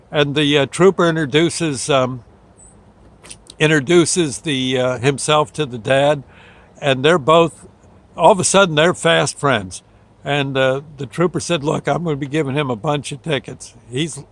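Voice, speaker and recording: This older man's voice sits a little high and sounds a bit bright. As a show host, he tells a rambling, folksy story in a casual way, laughing often and briefly acting out the people he quotes.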